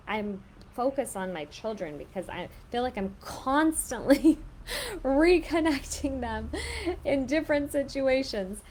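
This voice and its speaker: Woman, mid pitch, giving casual advice, says like a lot, calm explaining, faint hum behind. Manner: conversational, many filler "like"s, calm explaining. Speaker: host and parent giving advice.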